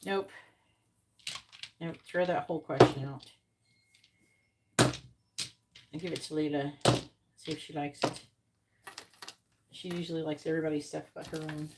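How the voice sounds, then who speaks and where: A woman's voice: low-pitched, fairly even intonation, a little slow, long pauses, very noisy. A woman hosting a live tarot stream, chatting casually and bluntly with viewers and swearing freely. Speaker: tarot reader host.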